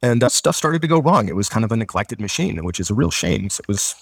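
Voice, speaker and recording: A man's voice: on the low side, quick pace, vocal fry, husky, no room sound, clean studio sound. A man telling a story as a guest in casual conversation, loose and filler-heavy, acting out the people in it. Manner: animated, acts out the people in his story.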